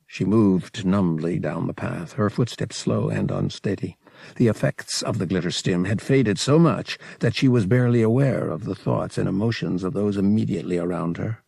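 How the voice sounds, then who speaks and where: Gravelly male audiobook narrator. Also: fairly low pitch, no room sound, studio quality. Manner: measured, expressive storytelling. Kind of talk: scripted novel narration.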